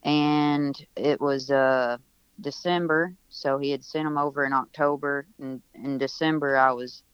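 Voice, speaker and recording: A man's voice: mid-range voice, steady tone, a little slow, clean tone, no echo, lo-fi sound. A man at home on a video call, a musician telling stories in a casual, rambling interview with many restarts. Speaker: musician guest.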